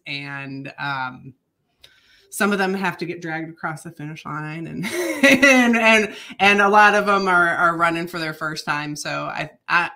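Female podcast co-host, bright timbre, lowish pitch, relaxed chatty delivery with frequent laughs. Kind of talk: casual chat.

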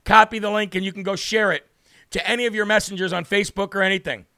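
A high, bright American man's voice, chatty and rambling as he hosts a live online show and calls out viewers by name. His tone is clean and smooth, recorded dry on a close mic with no room sound. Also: steady tone, fast, no room sound. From United States. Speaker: livestream show host. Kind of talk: casual live-stream talk.

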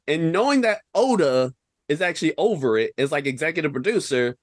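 A man's voice: fairly high pitch, very animated, fairly quick, dry recording, studio quality. A young man co-hosting a podcast, ranting animatedly about films with slang and rhetorical questions. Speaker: podcast co-host. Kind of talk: casual film-review rant.

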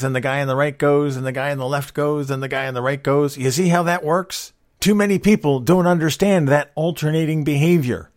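A man's voice: a little high, no echo, studio quality. A man hosting an advice monologue, talking in an emphatic, lecturing way with many rhetorical questions. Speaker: host.

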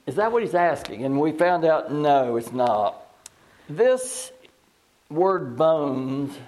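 A man teaching a Bible study in a folksy, halting way, reading scripture slowly. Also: medium pitch, dark tone. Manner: folksy, plain-spoken and halting.

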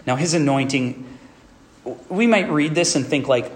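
A male pastor giving an earnest sermon who often checks in with a quick "right?". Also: fairly high pitch, lively intonation, a little hiss or hum.

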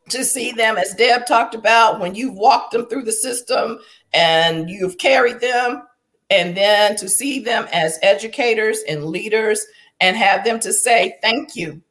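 Emphatic higher-voiced woman educator. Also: a little slow, a bit bright. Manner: emphatic, repeats phrases for effect. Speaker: educator and former school improvement consultant. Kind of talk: storytelling in a panel conversation.

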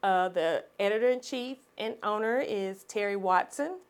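A woman, a podcast guest telling her story in an animated, expressive way and laughing often. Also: mid-range voice, normal speed, smooth. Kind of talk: storytelling in conversation.

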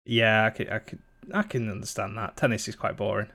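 A man's voice: fairly low pitch, level tone, brisk, creaky, bright, forceful tone. Man, podcast co-host, casual chat, sweary, rambling, home mic. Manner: sweary, rambling, laughs often.

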